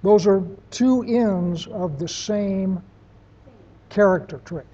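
Lecturer, plainspoken, everyday examples, warm dark tone, muffled lo-fi sound. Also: mid-range voice, takes it slowly. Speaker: teacher. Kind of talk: classroom lecture.

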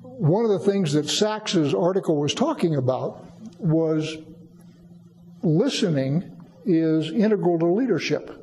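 Man, preacher, teaching sermon, emphatic, mellow tone, echoing hall. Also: a little high, animated, a little slow, a little hiss or hum. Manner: teaching, explanatory, with emphatic repetition.

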